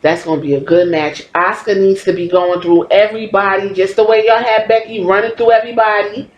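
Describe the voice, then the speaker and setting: A woman in her thirties talks casually and bluntly, swearing freely as she gives her opinions. Her voice sits at an ordinary middle pitch. The recording is roomy, with faint ambience behind her. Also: steady tone, fairly quick, slight background noise. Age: 30s. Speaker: podcast host. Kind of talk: casual wrestling commentary. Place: home.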